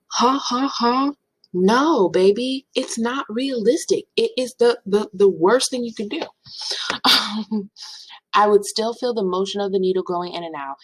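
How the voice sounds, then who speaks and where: A young woman in her twenties telling a storytime in casual chat, animated and dramatic. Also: no echo, rough recording. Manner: animated, dramatic, swings into playful high voices for quotes. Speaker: vlogger.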